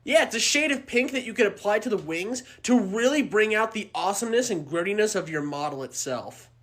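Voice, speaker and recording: A man playing a loud, fed-up tabletop gamer who throws out exclamations. His pitch swings widely as he talks. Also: a little fast. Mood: enthusiastic. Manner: animated, exclamatory. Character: exasperated male tabletop gamer. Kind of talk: comedy skit acting.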